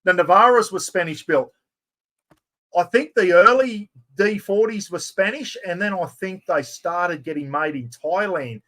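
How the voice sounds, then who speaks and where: A middle-aged Australian man runs a live giveaway stream in a casual, chatty way. His voice sits a little higher than most men's. He talks in an excitable, blokey style, full of slang. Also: a little slow. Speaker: livestream host.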